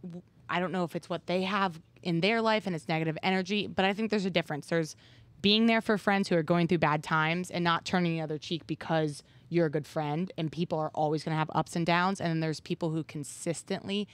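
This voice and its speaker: A woman co-hosting a casual podcast chat, thinking out loud and hedging with "like.". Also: lowish voice, steady tone, fairly quick, dry recording. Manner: reflective, hedging with "like".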